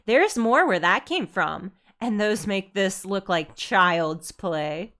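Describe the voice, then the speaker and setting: Woman voicing a smug seductive game villainess, unhurried and bright. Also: mid-range voice, animated. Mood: taunting. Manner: teasing, taunting. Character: cocky seductive dark mistress figure, female.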